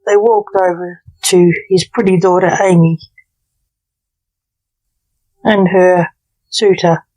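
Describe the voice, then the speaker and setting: A woman's voice: lowish voice, fairly even intonation, slow, a little mellow, low-quality recording. A woman narrating a historical romance story aloud as a storyteller.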